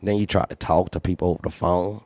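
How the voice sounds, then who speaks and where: A man's voice: low voice, steady tone, quick pace, gravelly, darkish tone, no room sound. A man who runs a trucking company, candidly telling a story in a blunt, profane way and repeating phrases for emphasis. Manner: acts out others' lines in raised voice.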